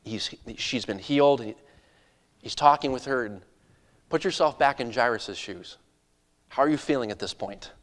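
A man preaching a sermon who drops to a hush and then rises to loud, urgent passages, often repeating words when he gets going. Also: mid-range voice, normal speed, long pauses. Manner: swings from hushed to loud and urgent, acts out voices. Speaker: pastor.

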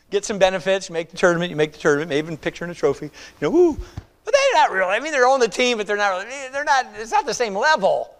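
A middle-aged man preaching a conversational, animated sermon, acting out quoted voices. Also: sits high, a little fast. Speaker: pastor.

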